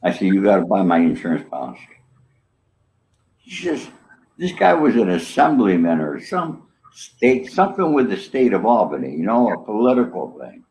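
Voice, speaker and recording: A man's voice: fairly low pitch, moderate pace. An older man, an interview guest, telling a story in casual chat and acting out the lines of the people in it. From New York. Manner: animated, acts out quoted dialogue. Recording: dull lo-fi audio.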